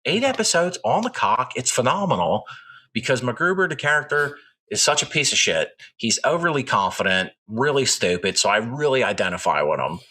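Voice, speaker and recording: A man riffs on a comedy podcast, swearing freely and spinning absurd rants. His voice is bright and edgy, and his pitch swings widely from line to line. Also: sing-song, a little fast, husky. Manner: profane, rambling, jokey rants. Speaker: podcast co-host. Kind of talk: crude comedic podcast banter.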